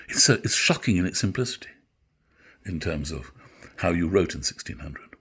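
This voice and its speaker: An older man giving a literature lecture, reflective and halting, often correcting himself. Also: deep voice, animated, slightly rough. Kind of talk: literature lecture with recited verse.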